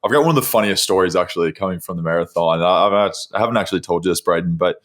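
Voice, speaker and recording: Male podcast host, lower voice, lively storyteller. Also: racing. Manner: animated storyteller, laughs often. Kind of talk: casual chat.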